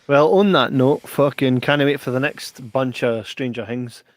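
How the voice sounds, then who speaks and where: A man's voice: medium pitch, unhurried, no echo. A man with a Scottish accent co-hosting a podcast, trading easygoing, teasing banter in casual chat. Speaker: podcast co-host.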